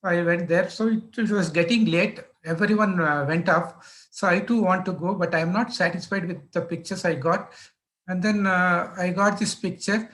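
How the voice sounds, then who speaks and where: An older man with a Karnataka Indian English accent tells war stories from a career in news photography. His voice sits a little higher than most men's. He pauses and restarts often, acting out the people in his stories. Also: fairly even intonation, fairly bright tone, low-quality recording. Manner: storytelling, with frequent pauses and restarts; acts out quoted dialogue, mixing in Kannada phrases. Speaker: news photographer, guest lecturer. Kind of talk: anecdotal lecture. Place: online lecture.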